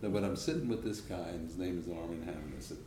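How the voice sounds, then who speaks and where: A man's voice: low-pitched, rapid-fire. A man telling a story of his own during a casual family interview, chatty and eager to go on. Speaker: relative joining the conversation. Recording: echoey room with faint noise.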